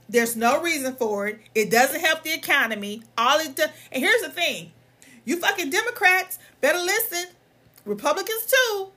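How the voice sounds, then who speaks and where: A woman's voice: high-pitched, fairly bright tone. A young woman, a lawyer and vlogger, ranting in a heated, emphatic and profane way, her voice strained from coughing. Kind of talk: angry ranting monologue.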